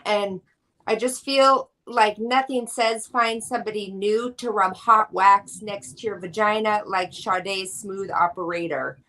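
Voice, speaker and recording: A woman's voice: medium pitch, fairly even intonation, measured pace, pushed and bright, rough recording. A woman comedian telling a joke in a hesitant way, with many ums and uhs before she gets to the point. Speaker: comedian guest.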